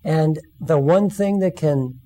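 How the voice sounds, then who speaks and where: A man's voice: on the high side, takes it slowly, mellow. A man giving a sermon, telling stories and acting out the quoted lines. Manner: storytelling, acts out quoted lines. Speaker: speaker.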